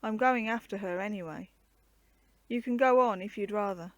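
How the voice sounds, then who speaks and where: A woman's voice: medium pitch, normal speed, dry recording, natural voice. Headstrong young man, read by a woman, curt and blunt; storybook reading.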